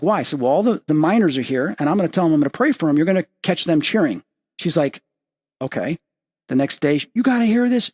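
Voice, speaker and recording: A man hosting an interview as a medium, telling a story with rising excitement and lively quoting of others. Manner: excitable, rising pitch when quoting and emphasizing. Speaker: podcast host and medium. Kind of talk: animated storytelling in casual interview.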